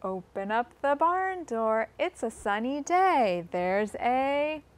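Slow, lively woman leading children's storytime. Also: on the high side. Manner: slow, sing-song, speaks to young children; invites children to join in. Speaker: children's librarian.

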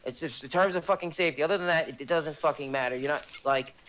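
A man's voice: a little high, quick pace, fairly bright tone, a little hiss or hum. A man chatting casually while gaming with a friend, blunt and opinionated, swearing often. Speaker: co-player.

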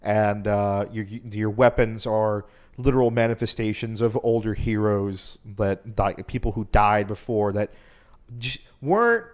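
A man's voice: fairly low pitch, unhurried. A young man co-hosting a podcast, retelling a game's story in a rambling, profane, casual way. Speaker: podcast co-host. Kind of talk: casual chat.

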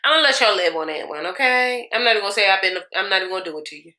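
Talking very fast, a young woman with a mid-range, pushed and bright voice and lively intonation gets ready on camera. This beauty vlogger's get-ready-with-me chat is casual and sassy, full of laughter, and the room is echoey.

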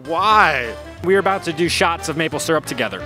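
A man with a bright, slightly high voice runs cheeky comic interviews with strangers at a busy expo. He asks his questions in a playful, teasing way. Faint music plays behind him. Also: animated, fairly quick. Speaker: street interviewer. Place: busy indoor travel expo hall.

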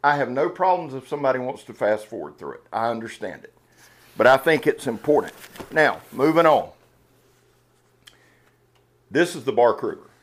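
An excitable knife channel host unboxes a box of knives in a loose, casual vlog, earnest and emotional and wearing his heart on his sleeve. He gets fired up, rambling and restarting sentences. His voice sits at an ordinary middle pitch, at a moderate pace with frequent pauses.

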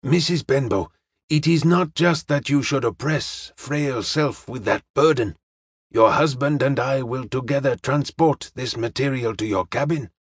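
A man's voice: mid-range voice, husky, no room sound, clean studio sound. A man voicing a courteous middle-aged male detective who speaks formally and evenly. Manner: polite, formal, measured.

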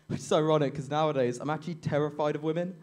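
A man's voice: fairly high pitch, steady tone, fast talker, darkish tone. A young man doing a stand-up comedy set on a club stage, awkward and self-deprecating, chuckling at his own jokes into a handheld mic.

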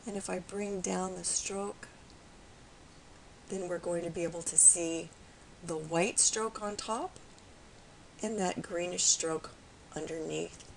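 Tutorial host: woman, low gravelly voice, raspy, patient and explanatory, faint background hiss. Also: slow pace, long pauses, rough recording. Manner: calm, explanatory, with frequent fillers. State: raspy voice today. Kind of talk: step-by-step screen tutorial.

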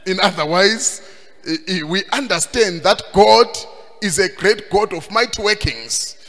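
A man preaching a sermon, emphatic and sing-song, rising at times to shouts. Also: high voice, lively intonation, measured pace. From Zimbabwe. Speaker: pastor. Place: church hall. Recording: long hall reverb.

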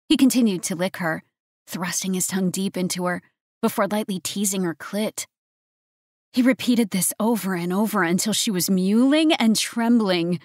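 Woman reading a romance audiobook, steady and even, mid pitch, very dry close mic. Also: moderate pace, dry recording. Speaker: audiobook narrator.

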